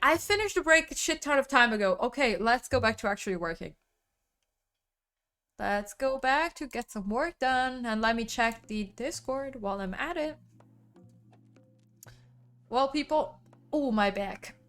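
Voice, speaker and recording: A woman's voice: on the high side, lively intonation, unhurried, long pauses, fairly bright tone, soft background music. A woman with an Italian accent, a native Italian speaker, chatting casually with her stream viewers, laughing often and swearing freely. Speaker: livestreamer.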